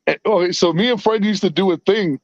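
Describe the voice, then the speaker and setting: High-voiced man on dull lo-fi audio. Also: a little fast, no echo. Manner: excited, laughs between lines. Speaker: podcast co-host. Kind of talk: casual chat.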